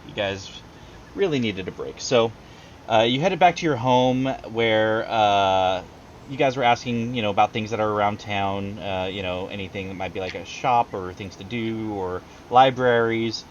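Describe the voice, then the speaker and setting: A man's voice: on the low side, normal speed, lo-fi sound, slight background noise. A man running a tabletop game over a video call, talking loosely with lots of fillers and laughing at himself. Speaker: game master. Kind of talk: casual tabletop game narration.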